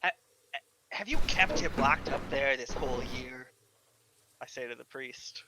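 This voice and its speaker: A man's voice: mid-range voice, moderate pace, noisy background. A man playing a tabletop game, wry and joking in casual talk. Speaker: player.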